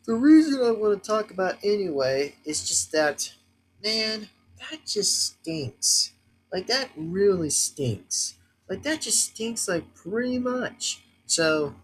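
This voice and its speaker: A man's voice: on the high side, a little hiss or hum, low-quality recording. A man vlogging a casual sports rant, rambling and repetitive with lots of filler words and sarcastic, exasperated complaints.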